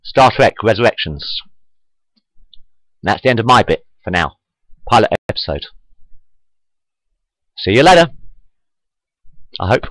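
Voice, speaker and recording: Animated man reading a story on webcam. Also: on the low side, moderate pace, pauses often, no echo, low-quality recording. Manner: animated storytelling, repeats lines. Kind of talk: reading fan fiction aloud.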